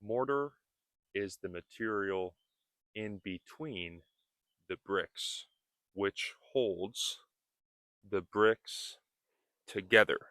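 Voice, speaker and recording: Slow, low-voiced male English teacher. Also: sharp tone, no echo. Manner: deliberate, repeats words to model pronunciation. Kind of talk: slowed-down teaching talk. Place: outdoors on a building roof at a construction site.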